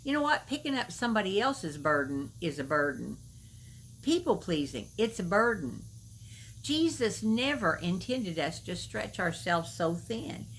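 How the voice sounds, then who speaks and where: Middle-aged lady preaching at the camera, chatty and folksy, mid-pitched voice, bit of hiss behind. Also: big pitch swings, a little slow, a bit bright, poor audio. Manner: folksy, storytelling, emphatic, asks the viewer questions. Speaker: Christian video minister. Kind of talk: devotional talk to camera.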